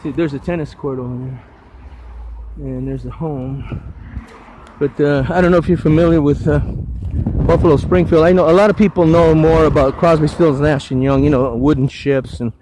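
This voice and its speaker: A man's voice: a little high, steady tone, moderate pace, background noise. An older man volunteering to clean up litter, giving a rambling, enthusiastic casual walking tour outdoors on a hillside road, full of stumbling restarts.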